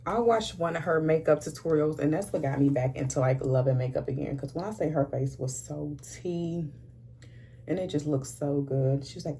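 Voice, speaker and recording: A woman's voice: low-pitched, moderate pace, warm tone, a little hiss or hum. A woman in her thirties chatting casually and sassily while doing her makeup, calling her viewers "honey" all through. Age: 30s. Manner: chatty, sassy, says "honey" a lot. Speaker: beauty vlogger.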